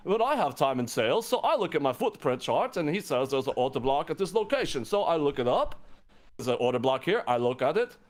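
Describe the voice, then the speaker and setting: A man with a fairly high voice, talking in loose, animated chat. He swears freely and his voice shoots up when he gets worked up. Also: fairly quick. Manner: animated, profane, swings into high-pitched outbursts. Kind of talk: casual chat.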